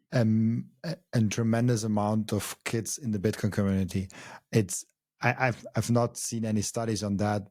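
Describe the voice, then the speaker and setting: A man hosting a podcast, talking in a casual, halting way and often restarting his sentences. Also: fairly low pitch, a little mellow, no echo, studio quality. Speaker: podcast host. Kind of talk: casual interview chat.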